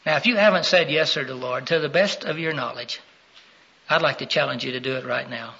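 A middle-aged man preaches, his voice husky yet bright and a little high. He questions his congregation and rises to loud, emphatic peaks. The recording sounds dull and lo-fi. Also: a little fast. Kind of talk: sermon.

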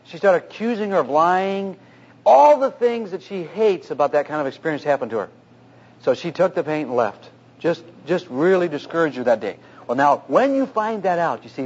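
Husky guy pastor, kinda high voice, telling a story in a sermon, earnest, muffled lo-fi tape. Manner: earnest, anecdotal, animated retelling. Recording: dull lo-fi recording.

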